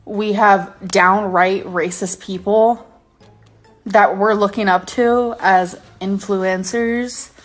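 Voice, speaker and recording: A woman's voice: medium pitch, steady tone, takes it slowly, faint music behind. A woman in her thirties ranting angrily to camera in a vlog, swearing and stressing her words. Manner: angry, profane, emphatic rant. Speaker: YouTuber.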